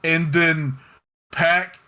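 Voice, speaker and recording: A man co-hosting a wrestling review podcast, recapping a match in excited, casual chat, swearing and getting loud. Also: a little high, extremely slow. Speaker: podcast co-host.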